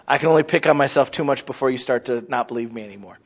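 A man in his thirties preaching a sermon, animated and acting out little scenes in other voices. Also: mid-range voice, a little fast, husky, lo-fi sound. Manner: animated, mimics voices for illustrations. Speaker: pastor.

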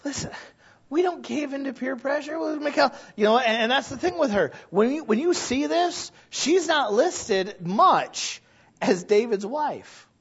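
Brief: male pastor, high voice, animated, laughs often, sermon on a dull lo-fi recording. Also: unhurried, slightly rough.

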